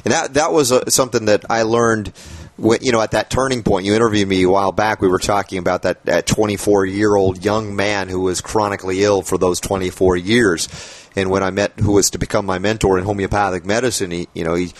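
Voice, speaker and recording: A man's voice: fairly low pitch, steady tone, fairly quick, no echo. A man hosting a radio health talk show, talking casually and animatedly, laughing often.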